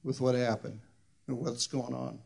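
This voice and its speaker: An older man in his sixties preaching as a pastor, reading scripture slowly and loudly, then talking fast and conversational. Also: mid-range voice, level tone, gravelly, breathy edge. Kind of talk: sermon.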